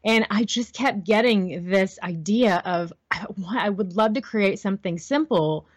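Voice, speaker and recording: A woman's voice: medium pitch, a little slow, no room sound. Earnest woman guest, dry close sound. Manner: warm, earnest, laughs lightly. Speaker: voiceover artist and author, guest. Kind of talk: interview answers.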